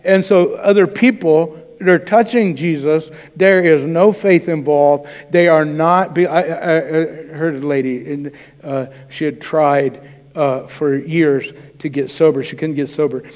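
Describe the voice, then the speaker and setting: A man's voice: fairly high pitch, steady tone, a little slow, a little mellow. A man preaching a sermon as pastor, talking in a conversational way and acting out quoted dialogue. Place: church sanctuary. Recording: church hall reverb.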